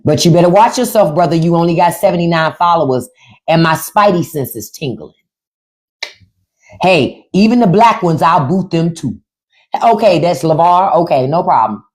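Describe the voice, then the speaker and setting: A woman's voice: fairly low pitch, lively intonation, normal speed. A woman hosting a livestream, talking bluntly and profanely to her viewers, repeating lines for emphasis and turning sarcastic. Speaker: livestream host. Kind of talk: unscripted livestream commentary.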